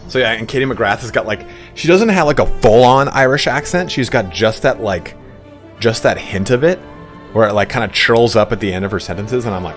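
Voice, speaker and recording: A man's voice: mid-range voice, lively intonation, brisk, soft background music. A young man from Southern California, chatting casually and rambling while he streams a game, swearing freely. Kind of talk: casual live gameplay stream chat.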